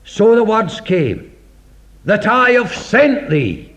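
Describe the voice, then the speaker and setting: A man's voice: very high-pitched, sing-song, slow, fairly bright tone. A man preaching a sermon in a dramatic, rhetorical way, acting out the voices of scripture. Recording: dull lo-fi recording.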